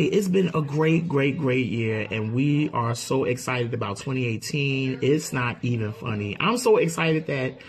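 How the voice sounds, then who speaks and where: A congested man co-hosting a channel, giving viewers a casual new-year message in a slow, drawn-out, excitable way. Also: mid-range voice. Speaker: channel co-host.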